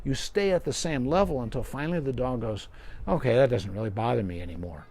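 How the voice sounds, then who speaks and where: A man's voice: medium pitch, warm tone. A middle-aged man, a veterinarian, patiently explaining dog care step by step in a live question-and-answer session, with folksy sayings.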